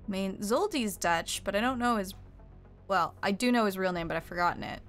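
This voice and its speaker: A playful woman chats casually while playing a strategy game on a live stream, laughing often and teasing her co-host. Her voice sits at an ordinary mid pitch. Faint music runs underneath. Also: brisk, fairly bright tone. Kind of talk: casual live-stream chat over gameplay.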